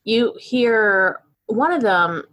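A woman's voice: fairly high pitch, lively intonation, very slow, fairly bright tone. A woman narrating as game master of a tabletop game, casual with lots of fillers.

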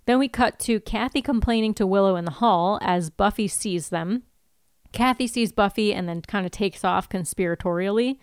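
A woman co-hosting a casual podcast, walking through an episode scene by scene. She voices the characters' lines with lively inflection. Her voice is smooth and clear, and the recording is close and dry. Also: medium pitch, moderate pace, no room sound. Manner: lively storyteller who acts out characters' lines. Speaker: podcast co-host. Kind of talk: casual chat, recapping an episode.

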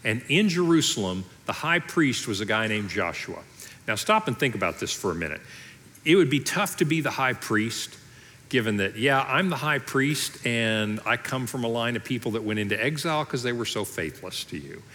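A man's voice: medium pitch, sing-song, moderate pace, pushed and bright, long reverb tail. A man preaching a sermon as pastor, in a conversational way, briefly voicing people from the story he tells. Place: church auditorium.

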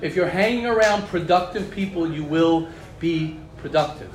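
A man with a high voice leads a religious class in a motivational style. He drives his points home by repeating phrases and addressing students directly. The sound is roomy and echoey. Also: normal speed. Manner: emphatic, repeats key phrases, speaks straight to students. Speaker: teacher leading a religious class. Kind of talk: animated motivational class talk. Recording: echoey room.

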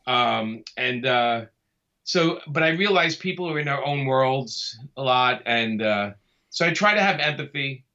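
A man's voice: medium pitch, animated, measured pace, bright, forceful tone, muffled recording. A man from Brooklyn, talking casually and easygoingly as an interview guest, often laughing as he speaks. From Brooklyn, New York. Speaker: comic artist guest.

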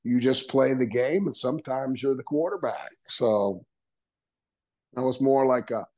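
Older man telling animated stories. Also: medium pitch, a little slow, rough recording. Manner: animated storyteller acting out quoted dialogue, laughing often. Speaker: guest, retired wrestler. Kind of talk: casual storytelling interview.

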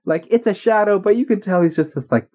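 A man co-hosting a casual podcast chat, telling stories in an animated way and laughing often. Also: sits high, fast. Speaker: podcast co-host.

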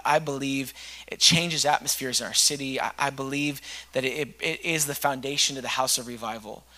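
Bright-voiced man preaching a sermon. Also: medium pitch. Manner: earnest storytelling preacher. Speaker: pastor.

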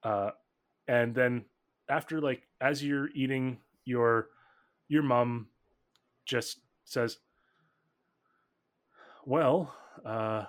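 A man's voice: mid-range voice, steady tone, slow pace, pauses often. A man narrating as game master of a tabletop game, in a rambling way with many fillers. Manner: rambling, filler-heavy, laughs often.

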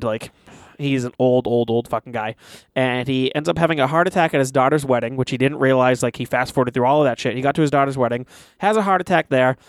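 Animated young man retelling a movie. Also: mid-range voice, dry recording. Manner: animated, swears often, acts out quotes. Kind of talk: casual chat, retelling a movie.

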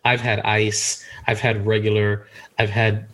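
A man's voice: on the low side, level tone, a little slow, fairly bright tone. A man co-hosting a casual chat, blunt and emphatic, often restarting his sentences. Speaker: podcast co-host.

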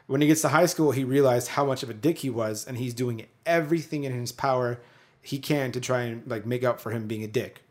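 A man in the middle pitch range co-hosts a relaxed podcast conversation. He talks loosely, laughing now and then and filling pauses with ums. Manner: chatty, laughs often, frequent fillers. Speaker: podcast co-host. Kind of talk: casual chat.

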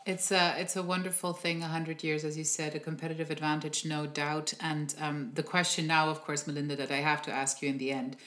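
A woman hosts an interview, chatty and playful as she puts her questions. Her voice is low yet bright and forward, with a lively edge. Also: brisk, few pauses. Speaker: podcast host. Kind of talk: interview host.

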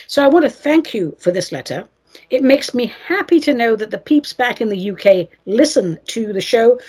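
A radio host from England, her voice higher than most and slightly husky. She reads listener letters in a playful, theatrical way, her pitch swooping widely from line to line. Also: darkish tone.

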